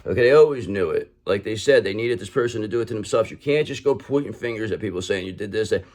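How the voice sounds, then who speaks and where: A man with a lowish voice reads tarot in a tough, street-smart manner. He swears freely and talks to the viewer as if advising a friend. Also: quick pace, darkish tone. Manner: blunt, streetwise and profane, addresses the listener directly. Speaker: tarot reader. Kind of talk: online tarot reading.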